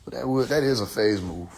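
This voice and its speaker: A man rants casually into his phone during a livestream, voice at an ordinary middle pitch. He talks loose and animated, swears freely and keeps cracking himself up at his own jokes. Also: creaky. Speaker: live streamer.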